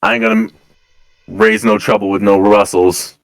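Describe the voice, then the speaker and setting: A man's voice: fairly low pitch, flat delivery, normal speed, close to an everyday voice. A man voicing a burly, stubborn, uneducated male gate guard who blusters in rustic broken grammar in a tabletop game. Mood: grudging.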